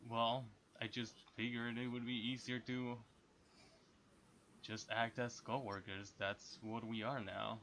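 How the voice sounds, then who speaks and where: A man voicing an awkward, stiff male prosecutor in a tabletop game, talking haltingly. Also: medium pitch, little pitch movement, a bit bright, slight background noise. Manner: halting, awkward, narrates own actions.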